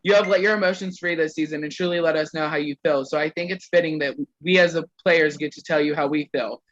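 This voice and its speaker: Bright young man on lo-fi call audio. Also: fairly high pitch, steady tone, quick pace. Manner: reads others' roasts aloud, stumbling and laughing at lines. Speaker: player reading roasts on a group call. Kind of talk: casual reading aloud.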